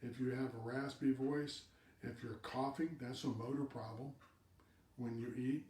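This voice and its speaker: A man's voice: medium pitch, fairly even intonation, a little slow, a little mellow, echoey room, far from the mic. A man hosting a live video cast, giving direct advice to viewers and repeating words for emphasis.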